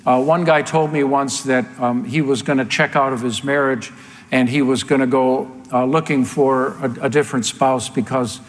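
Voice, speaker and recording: A man's voice: medium pitch, steady tone, moderate pace. Emphatic preacher man in a reverberant hall. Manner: emphatic, rhetorical questions, gets worked up. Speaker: pastor. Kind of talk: sermon.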